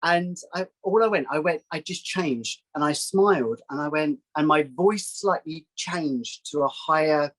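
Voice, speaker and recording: A man, a psychic guest telling a story in casual chat, acting out quoted voices in a higher pitch. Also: unhurried, few pauses, fairly bright tone, poor audio. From England.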